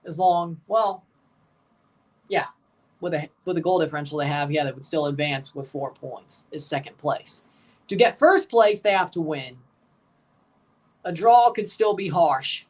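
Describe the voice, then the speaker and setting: A woman's voice: low voice, unhurried, long pauses, a little mellow, distant mic. A woman hosting a live match watchalong, chatting casually and calling the plays in short bursts.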